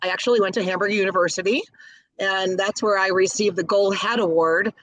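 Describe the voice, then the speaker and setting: A woman's voice: mid-range voice, fairly even intonation, a little fast, fairly bright tone, dry recording, low-quality recording. A middle-aged woman from the Chicago area, a caterer, telling stories in an interview with gushing enthusiasm. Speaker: guest, caterer. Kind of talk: interview storytelling.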